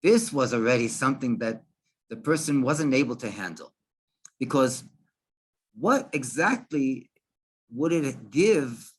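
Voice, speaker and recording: A man, a rabbi, telling a story in a halting way, with many restarts and fillers. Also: mid-range voice, lively intonation, slightly rough. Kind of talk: storytelling talk.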